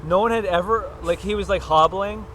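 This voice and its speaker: A high-voiced man, drunk and giggly, rambling and trailing off mid-sentence as he chats over a video call. Heavy background noise hisses through the call audio. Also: a little fast, a bit bright. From Canada. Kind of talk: casual chat on a movie watch-party call.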